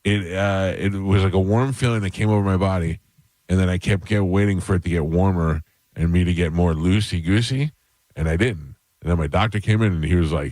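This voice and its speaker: A radio host telling a long, self-mocking story in a casual, rambling way, with restarts, into a close studio mic. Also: male voice, low-pitched, brisk, darkish tone, no echo.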